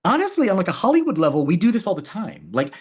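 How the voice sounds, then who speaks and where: A man with a high-pitched, slightly rough voice talks quickly, his pitch swinging hugely. In a casual interview about his filmmaking, he's animated and keeps repeating words and restarting sentences.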